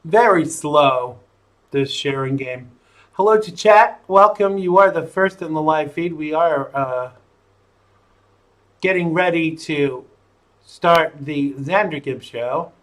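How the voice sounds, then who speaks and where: A man's voice: a little high, slow, fairly bright tone. A man hosting a live-streamed talk show, chatting in a playful, jokey way as he sets up the broadcast. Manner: playful, jokey, self-amused.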